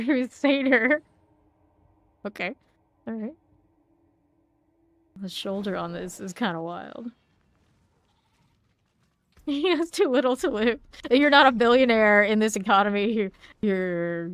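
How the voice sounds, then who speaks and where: A woman's voice: fairly high pitch, lively intonation, slow, pauses often, no echo. Chatty woman streaming a game. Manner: chatty, laughs often, reads chat aloud. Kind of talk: casual gameplay chat. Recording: faint background noise.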